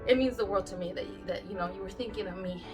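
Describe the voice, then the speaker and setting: A fast-talking woman with a medium-pitched voice speaks over music. Opening friend mail from viewers as a YouTube crafter, she gushes, often gasping and exclaiming, close to tears in a casual vlog chat.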